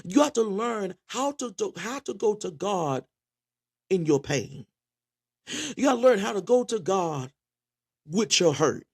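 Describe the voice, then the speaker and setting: A man's voice: high voice, lively intonation, unhurried, gravelly, long pauses, slightly rough. A man preaching a sermon with passion, often repeating words as he restarts his phrases. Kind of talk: spoken sermon.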